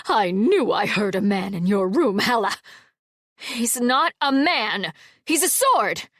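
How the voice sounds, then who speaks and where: A woman reading an audiobook and voicing a domineering older aunt who speaks in a shrill, accusing way. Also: sing-song, takes it slowly, a bit bright, no echo, clean studio sound, exaggerated voice.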